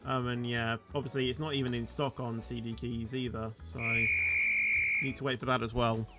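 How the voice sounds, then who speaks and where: A man's voice: mid-range voice, flat delivery, normal speed, over loud music. A man chatting casually on a game livestream, rambling and peppering his sentences with "you know", his voice rising at the end of sentences. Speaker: game streamer.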